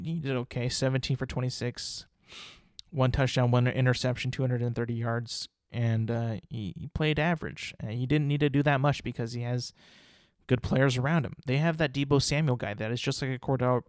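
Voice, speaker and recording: A man's voice: medium pitch, fairly even intonation, fairly quick, a little mellow. A man hosts his own casual podcast in a mid-range voice, talking about the weekend's games. He rambles and repeats himself, with plenty of fillers and strong opinions. The sound is dry and close, with no room echo. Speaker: podcast host. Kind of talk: casual sports chat.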